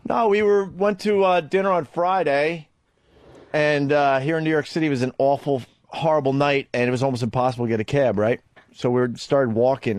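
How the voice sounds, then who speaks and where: A man's voice: medium pitch, a little mellow, dry recording. A man hosting a radio talk show in a studio, telling a rambling, profane story into a studio microphone.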